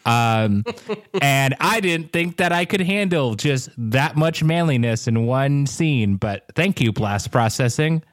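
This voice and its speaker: A man's voice: mid-range voice, lively intonation, slow pace, no room sound, clean studio sound. Joking male podcast co-host. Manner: joking, riffing with tangents. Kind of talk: casual comedic podcast chat.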